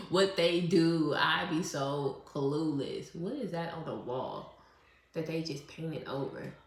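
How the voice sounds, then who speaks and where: A woman's voice: sits low, very animated, slow. A woman doing a casual tarot reading, chatty and profane, who laughs often as she talks. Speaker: tarot reader. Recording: roomy echo.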